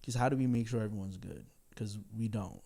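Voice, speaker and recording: A man talking to camera in a loose, chatty film review, full of ums and quick laughs. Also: lowish voice, gravelly, warm tone. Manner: chatty, frequent ums and likes, laughs between words. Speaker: film vlogger. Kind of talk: casual spoken film review. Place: after a cinema visit.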